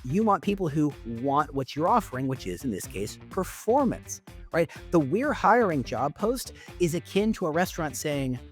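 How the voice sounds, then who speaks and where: Animated man, lively swooping pitch. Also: normal speed, hardly any pauses, soft background music. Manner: energetic, theatrical, lots of repetition. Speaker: podcast guest, employer branding founder. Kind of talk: animated conversational explaining.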